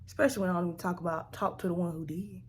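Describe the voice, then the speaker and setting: A woman vlogger telling a family story in a slangy, animated, conversational way. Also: fairly low pitch, racing, a little hiss or hum. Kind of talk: storytime vlog.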